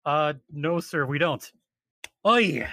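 A man tells a story in a casual chat, his voice sitting a little high. He acts out quotes and grows exasperated as he goes. The sound is dry and close. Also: expressive, takes it slowly, bright, forceful tone, no echo.

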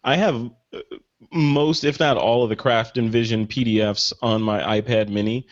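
A man's voice: medium pitch, fairly even intonation, normal speed, dry recording. An enthusiastic American man hosts a podcast, keeping things moving with upbeat affirmations. His mid-range voice comes through bone-dry and slightly muffled. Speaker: podcast host. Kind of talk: casual podcast hosting.

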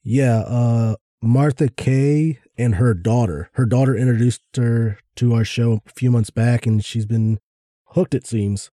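A man co-hosting a podcast in casual chat, laid-back and given to rambling asides while reading shout-outs. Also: mid-range voice, unhurried, no echo, studio quality. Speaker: podcast co-host.

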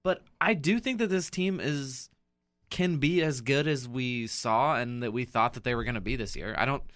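A man hosting a casual sports podcast, talking in halting bursts with many restarts. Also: mid-range voice, fairly bright tone. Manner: hesitant, restarts mid-sentence. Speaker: podcast host.

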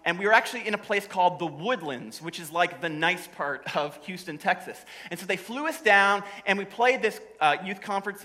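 During a church service, a man preaching to the congregation spins stories with humor and a conversational touch. He's a pastor with a high, pushed, bright voice, captured on a rough recording.

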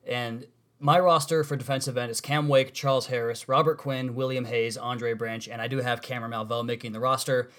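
A man's voice: mid-range voice, steady tone, fairly quick, fairly bright tone. A man with a mid-range voice hosts a casual sports podcast. He asks long, winding questions and makes easygoing, self-deprecating asides as he steers the talk. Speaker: podcast host.

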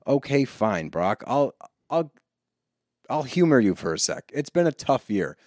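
A man's voice: mid-range voice, big pitch swings, a little slow, a little mellow, dry recording, studio quality. A man co-hosting a podcast, chatting casually, agreeable and joking along. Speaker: podcast co-host. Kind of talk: casual recap chat.

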